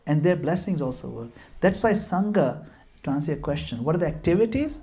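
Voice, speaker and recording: A middle-aged man from Gujarat, India, speaks in a high-ish, mellow, animated voice, talking fast with few pauses. He's giving an informal devotional talk at a home program, telling stories, laughing at himself, and mixing in Hindi and Sanskrit verses.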